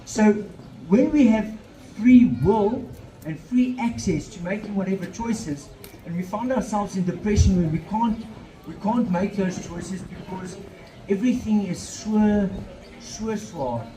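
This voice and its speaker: A man's voice: sits high, measured pace, mellow, reverberant, rough recording. A man with a South African accent giving an earnest motivational talk through a handheld microphone, slipping in Afrikaans phrases. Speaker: motivational speaker. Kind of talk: motivational talk at an outdoor event.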